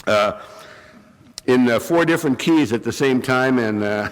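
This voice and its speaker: A man's voice: mid-range voice, unhurried, a little hiss or hum. A man with bronchitis, coughing now and then, telling a wry, self-mocking story to a recovery meeting and acting out the quotes. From California. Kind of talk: humorous storytelling talk. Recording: reverberant hall.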